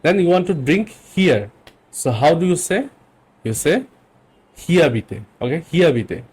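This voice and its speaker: A man teaching German vocabulary in English, explaining patiently and repeating phrases slowly. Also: a little high, big pitch swings, a little mellow, breathy edge. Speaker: language teacher.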